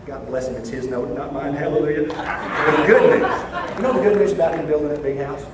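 Older man preaching, high voice, shouts then drops to quiet asides, heard from afar in a very echoey church. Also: fairly quick, over a noisy crowd, very noisy. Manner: preaching, swings between loud shouting and soft asides to the congregation. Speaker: pastor. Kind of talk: sermon. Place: church sanctuary. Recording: echoey church hall from far off.

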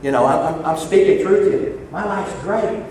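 An older man preaching a sermon, swinging between loud shouted points and quiet, joking asides to his congregation. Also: a little high, normal speed, a little hiss or hum. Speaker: pastor. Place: church sanctuary. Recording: echoey church hall from far off.

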